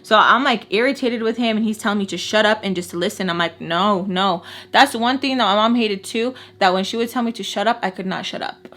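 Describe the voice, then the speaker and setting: A woman vlogger telling a personal story in casual chat, animated and blunt, swearing and slipping in Spanish words. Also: medium pitch, fast talker, few pauses.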